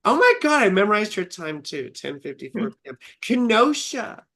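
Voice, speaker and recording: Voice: mid-range voice, sing-song, moderate pace, pushed and bright. An astrologer co-hosting a live stream, talking in a casual, teasing way, swearing freely and calling people sweetheart. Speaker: astrologer co-host.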